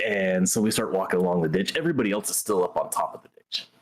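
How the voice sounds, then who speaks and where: A man's voice: low voice, quick pace. A man hosting a gaming stream, telling a story in a blunt, profane, conversational way. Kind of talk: casual storytelling while gaming.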